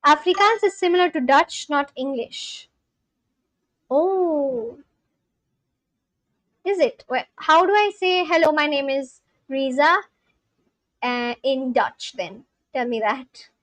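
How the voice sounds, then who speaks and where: Chatty woman streamer, high voice, unhurried delivery, close dry sound. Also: animated, fairly bright tone, dry recording, low-quality recording. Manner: chatty, reads viewer comments aloud and asks them questions. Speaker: live-streamer learning a language. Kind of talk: casual live-stream chat.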